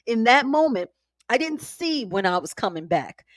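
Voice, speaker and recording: A woman's voice: a little high, normal speed, no echo. Spiritual live-stream host, woman, chatty and emphatic, dry close sound. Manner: chatty, animated, emphatic, folksy. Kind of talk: casual live-stream talk. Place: home.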